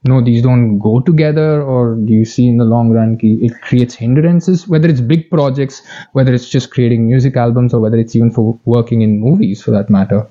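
A man's voice: mid-range voice, a little fast, warm tone, muffled recording. A man, interviewing a guest with long, winding questions that mix in Hindi. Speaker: radio producer interviewing.

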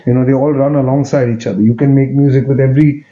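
A man, answering interview questions in a relaxed, joking way with many fillers and restarts. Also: mid-range voice, fast, lo-fi sound. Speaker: interview guest, music director.

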